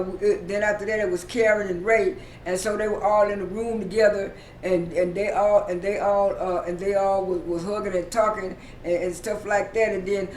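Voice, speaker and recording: A man casually recapping a TV episode, halting often with fillers and repeating his words. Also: a little mellow. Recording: roomy echo, distant mic, faint rumble.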